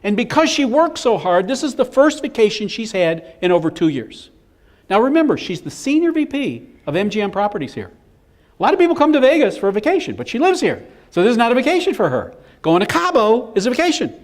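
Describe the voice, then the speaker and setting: Animated man telling business stories. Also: very high voice, a little fast. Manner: animated storyteller acting out quotes. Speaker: business speaker. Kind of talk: live seminar presentation.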